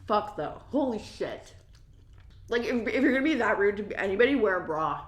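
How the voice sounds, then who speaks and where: A woman's voice: medium pitch, expressive, moderate pace. A young woman, ranting through a casual storytime, profane and full of "like" fillers. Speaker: mukbang vlogger. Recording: roomy echo.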